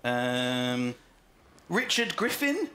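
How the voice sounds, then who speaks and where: A man hosting a studio entertainment show, excitable and giggly. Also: medium pitch, extremely slow. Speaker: TV show host. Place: TV studio before a live audience. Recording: studio with loud audience noise.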